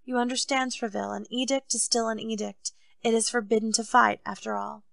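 A woman reading aloud voices a proud, excitable male king, asking eager questions and giving orders. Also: fairly high pitch, a little fast, gravelly, no echo. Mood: commanding.

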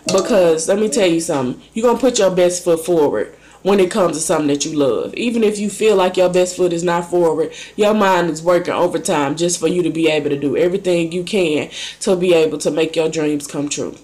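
Young woman telling an animated story. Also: fairly low pitch, brisk, few pauses. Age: young adult. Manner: animated, dramatizes her own thoughts with voice shifts. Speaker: vlogger. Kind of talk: casual storytelling to camera.

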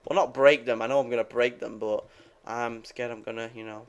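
A man's voice: medium pitch, fairly even intonation, brisk, clear, resonant tone, highs cut off. A young man giving rambling, casual commentary while playing a game, swearing freely and talking to his viewers. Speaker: gaming video creator.

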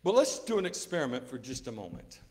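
A man's voice: medium pitch, sing-song, quick pace, darkish tone. A man, a preacher in a formal debate, arguing insistently, repeating key words and reading Bible verses aloud in old-fashioned wording. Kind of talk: debate rebuttal with scripture reading.

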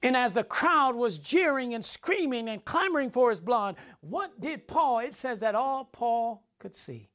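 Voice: medium pitch, animated, unhurried, hardly any pauses, a bit bright. A preacher giving a sermon, repeating key phrases for emphasis and speaking directly to the congregation.

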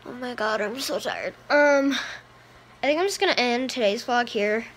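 A woman's voice: a little high, moderate pace, a bit bright, slight background noise. A young woman, vlogging casually through her day, chatty and scattered, tired and hiccuping. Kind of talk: casual vlog chat to camera.

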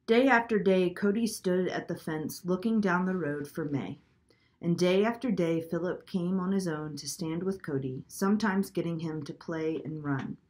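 A woman reading a children's chapter book aloud at a clear, steady pace. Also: lowish voice, moderate pace. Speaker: storybook reader.

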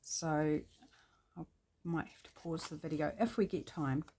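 A woman's voice: sits low, fairly even intonation, a little slow, mellow, slight background noise. A middle-aged woman with a New Zealand accent talks through a collage craft project in a rambling, chatty way, thinking aloud with frequent ums. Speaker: craft vlogger. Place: home craft desk.

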